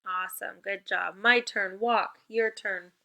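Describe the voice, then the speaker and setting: A woman teacher leads a remote spelling lesson for young children, with call-and-response prompts. Her voice is bright and her tone is upbeat and encouraging. Her pitch sits in a middle range. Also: fairly even intonation, measured pace, gravelly.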